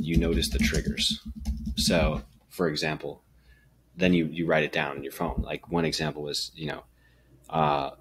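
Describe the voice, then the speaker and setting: A man's voice: extremely low pitch, gravelly, fairly bright tone, a little hiss or hum. A young man talking to camera in a casual, meandering way, with lots of fillers and self-deprecating asides. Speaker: vlogger. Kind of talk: casual reflective monologue.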